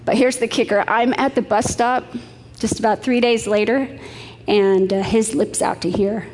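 A woman's voice: fairly high pitch, steady tone, moderate pace, a little mellow, in a large hall, a little hiss or hum. A middle-aged woman preaching a sermon, telling stories in a chatty way with light laughs.

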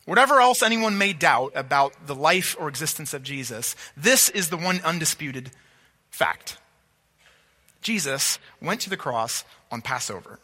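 Guy preaching, lively up-and-down delivery, bright sharp tone. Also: a little high, measured pace, long reverb tail. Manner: emphatic, animated teaching with rhetorical questions. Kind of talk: sermon.

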